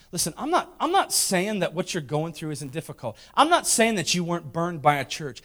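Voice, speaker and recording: A man preaching a sermon, emphatic and repetitive, swinging from loud shouting down to a hushed, intimate tone. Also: sits high, sing-song, fairly quick, hardly any pauses. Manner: emphatic, repeats lines for emphasis. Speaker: pastor.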